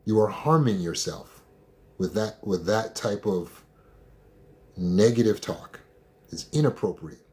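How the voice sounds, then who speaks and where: Blunt, emphatic man with a lowish voice. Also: animated, takes it slowly, long pauses, darkish tone. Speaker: trauma recovery coach. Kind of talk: motivational talk.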